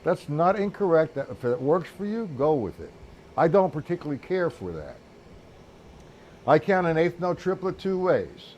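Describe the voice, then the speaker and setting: A man talks through a live-streamed drum lesson in a loose, conversational way, stopping often to count beats aloud. His voice sits a little high for a man. Steady clicking noise comes through behind him. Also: moderate pace, dull audio. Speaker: drum teacher.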